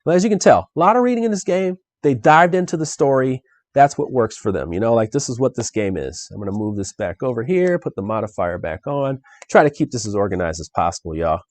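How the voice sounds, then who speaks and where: A man hosting a live solo board game playthrough, animated and excitable, talking straight to his viewers. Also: mid-range voice, fairly quick, dry recording. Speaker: board game show host.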